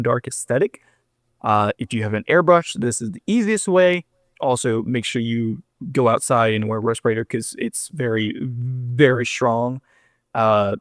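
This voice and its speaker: A young man co-hosts a relaxed hobby conversation, rambling a little and filling pauses as he thinks. His voice sits at an ordinary middle pitch and is recorded dry and close, with no room sound. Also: no echo. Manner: relaxed, loose, with many fillers. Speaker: podcast co-host. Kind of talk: casual hobby chat.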